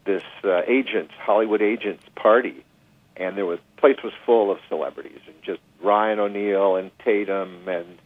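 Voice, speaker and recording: A middle-aged man, a guest musician, telling a story in a casual interview, animated and full of restarts and asides. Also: fairly low pitch, moderate pace, dry recording. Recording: dry tinny phone line.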